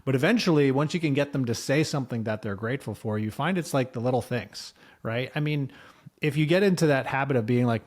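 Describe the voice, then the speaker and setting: A man co-hosting a podcast, speaking in a casual, reflective way and thinking out loud in loose sentences. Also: medium pitch, fast. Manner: reflective, talks things through in loose sentences. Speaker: podcast co-host.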